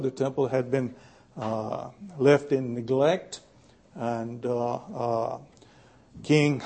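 A man preaching a Bible study sermon in a plainspoken, folksy way, pausing often to gather his thoughts. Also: mid-range voice, dark tone. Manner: folksy, plainspoken with frequent "uh" pauses.

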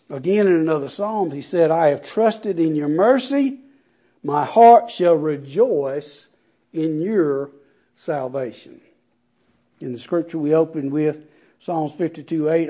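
A man's voice: a little high, moderate pace, mellow. A man preaching a sermon, reading scripture aloud with rising and falling emphasis.

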